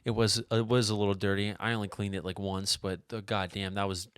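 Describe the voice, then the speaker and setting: A young man in casual, profane podcast chat who rambles and slips into loud impressions of friends. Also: on the low side, little pitch movement, a little fast, clean tone, no room sound, studio quality. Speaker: podcast co-host.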